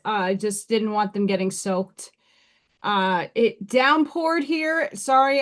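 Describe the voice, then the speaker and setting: A woman hosts a casual live stream from home with a fairly high voice. She talks slowly and loosely, drifting into rambling asides and laughing often.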